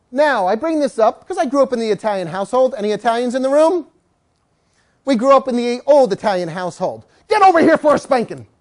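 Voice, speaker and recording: A man who trains dogs, teaching a class and telling lively stories while joking with the audience. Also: high voice. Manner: animated storytelling, jokes with the audience. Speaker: dog trainer.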